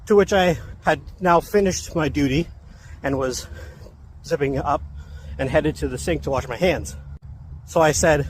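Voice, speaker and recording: Brief: casual vlogger man, soft-spoken and wry, slightly higher voice, recorded outdoors with faint traffic behind. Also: normal speed, pauses often. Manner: self-described soft-spoken, wry and amused. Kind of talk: casual storytelling. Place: outdoors on a walk.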